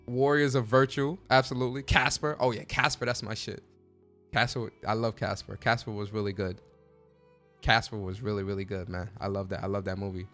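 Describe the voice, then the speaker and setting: A podcast host chats casually on a livestream, talkative and slangy, his middle-pitched voice jumping up and down as excitement builds. He talks a little fast over soft background music.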